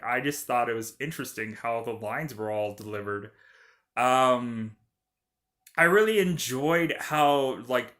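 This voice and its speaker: Male movie reviewer, slow and meandering, bright tone, lots of fillers. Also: medium pitch. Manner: rambling, many fillers, laughs often. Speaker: film reviewer.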